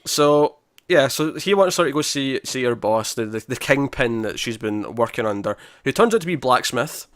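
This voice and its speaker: Man, middle pitch, dry sound, lively podcast chat. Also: normal speed, no echo. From Scotland. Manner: animated, acts out lines from scenes. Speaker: podcast co-host. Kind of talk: casual chat.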